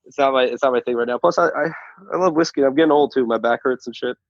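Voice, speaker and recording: A male stand-up comic talks loosely about his life, stumbling through restarts and dropping curse words as he goes. His voice sits at an ordinary pitch. The sound is dry and slightly muffled, like a lo-fi recording. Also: fast talker, no room sound. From Saudi Arabia then the U.S. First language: Arabic. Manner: stammering, restarts, swears freely, laughs often. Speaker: stand-up comedian, guest. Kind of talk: casual interview chat. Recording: dull, lo-fi sound.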